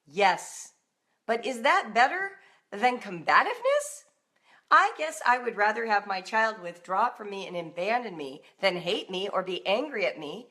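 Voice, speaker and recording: A middle-aged woman hosting a live-streamed talk for parents, animated and now and then acting out emotional outbursts in a raised voice. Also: on the high side, normal speed. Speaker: homeschooling author and host.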